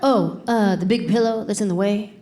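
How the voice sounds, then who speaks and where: A woman's voice: mid-range voice, normal speed, warm tone, close to an everyday voice. A woman mimicking her mild clueless husband. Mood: hesitant. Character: bland well-meaning husband, man, middle-aged.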